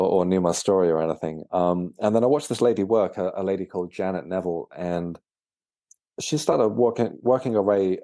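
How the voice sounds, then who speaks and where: Deep, mellow man telling his story. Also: dry recording, studio quality. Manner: halting, with frequent repeated words and fillers. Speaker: guest, author and medium. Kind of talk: casual storytelling interview.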